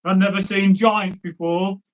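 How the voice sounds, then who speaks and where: A man storyteller doing a determined teenage Viking lad who calls out earnestly across the land, his voice sitting fairly high. It is a simple spoken folk-tale telling, with no staged production. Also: flat delivery, unhurried, low-quality recording. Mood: awed. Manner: earnest, calling out loudly.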